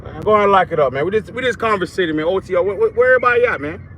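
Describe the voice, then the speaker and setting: A man's voice: high voice, lively intonation, rapid-fire, slight background noise. A man hosting a live stream, chatting casually and telling crude stories with swearing and laughter. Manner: loud, profane, storytelling with laughs.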